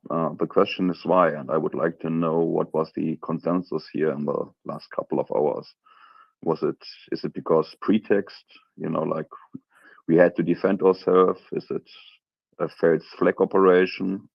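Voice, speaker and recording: Male caller, German accent, just woke up, blunt. Very low gravelly voice, muffled lo-fi line. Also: no room sound. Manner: blunt, plain-spoken. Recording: dull lo-fi online audio.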